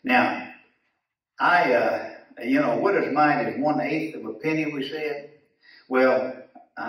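A man's voice: medium pitch, fairly bright tone. Folksy man teaching in an echoey room. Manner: folksy, repeats words, chuckles. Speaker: Sunday school teacher. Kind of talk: Bible lesson. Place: church classroom. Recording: echoey room, mic far off.

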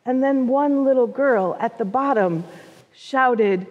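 A woman pastor telling a story in a sermon, slow and expressive, putting on small voices for the quoted figures. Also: high voice, narrow, tinny audio. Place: church sanctuary. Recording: long church reverb.

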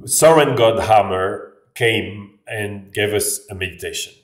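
Brief: French-accented man, casual vlog, rambling delivery, lowish voice, roomy echo. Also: unhurried. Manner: rambling, restarts phrases, frequent "like". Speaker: vlogger. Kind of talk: casual talk to camera. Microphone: camera. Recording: echoey room, voice a bit far off.

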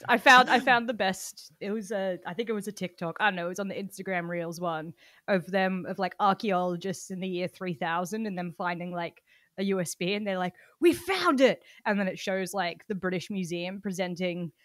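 Quick-witted woman on a podcast. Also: lowish voice, fairly even intonation, fairly bright tone, no room sound, studio quality. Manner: quick-witted, laughs often. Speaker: podcast co-host. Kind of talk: casual chat.

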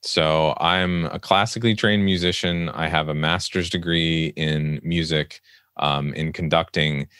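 Podcast host, man, thirties, very low voice, animated storyteller who acts out his own quotes. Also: unhurried, smooth, dry recording, studio quality. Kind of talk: casual interview conversation.

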